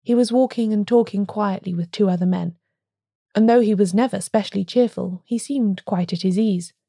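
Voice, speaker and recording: Gravelly, mellow woman reading a story. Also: medium pitch, dry recording, clean studio sound. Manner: steady, measured storytelling. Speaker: podcast host reading a story. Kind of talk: reading a classic detective story aloud.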